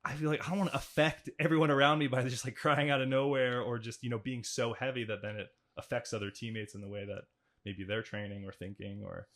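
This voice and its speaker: A man's voice: mid-range voice, flat delivery, fast, a bit bright. A young man hosting a podcast, talking in a loose, rambling way with many fillers and restarts. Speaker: podcast host, athlete. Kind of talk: casual conversation.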